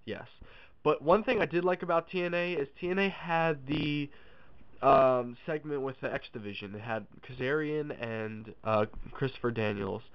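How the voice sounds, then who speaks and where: Nasal man with a head cold, casual and dismissive, mid-pitched, stop-start delivery, lo-fi sound. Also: clear, resonant tone. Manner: offhand and dismissive, many uhs. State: has a cold. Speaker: wrestling fan vlogger. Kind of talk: casual opinion vlog. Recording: dull lo-fi recording.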